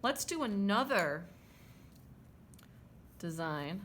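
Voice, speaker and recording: A woman's voice: mid-range voice, sing-song, very slow, fairly bright tone, slight background noise. A woman art teacher talking through a drawing demonstration, chatty and checking in with her students as she draws. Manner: chatty, checks in with "okay?" and "right?".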